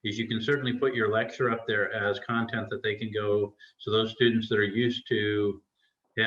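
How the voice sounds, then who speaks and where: Guy running a teacher workshop call, relaxed, asks the group stuff, echoey room, kinda muffled. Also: on the low side. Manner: relaxed, prompting others with questions. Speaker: discussion facilitator. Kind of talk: online faculty workshop discussion. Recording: echoey, slightly dull video-call audio.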